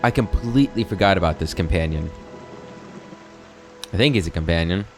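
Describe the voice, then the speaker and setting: Deep-voiced easygoing let's play host. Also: male voice, animated, fairly quick, a little mellow, faint music behind. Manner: rambling, easygoing, thinks aloud. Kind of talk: casual gameplay commentary, reading game text aloud.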